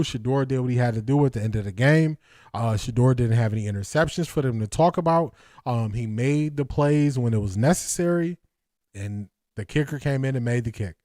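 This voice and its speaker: Excitable, breathless male stream host, mid-pitched voice, dry close sound. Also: dry recording. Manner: excitable, laughing, addresses viewers as y'all. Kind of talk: live watch-party commentary.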